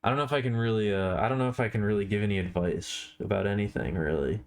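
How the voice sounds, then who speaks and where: A tired man chatting casually on a live art stream, with a slow, drowsy, stoner-like drawl. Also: fairly low pitch.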